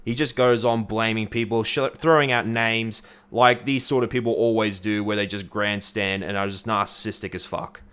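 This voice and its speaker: A man's voice: fairly low pitch, steady tone, moderate pace, few pauses, fairly bright tone, smooth. An Australian man giving blunt, sweary, opinionated commentary as a YouTuber.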